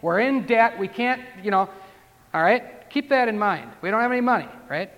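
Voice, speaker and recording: A man's voice: high voice, animated, moderate pace, fairly bright tone, long reverb tail. A man preaching a sermon, talking conversationally and then building to emphatic declarations. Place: church.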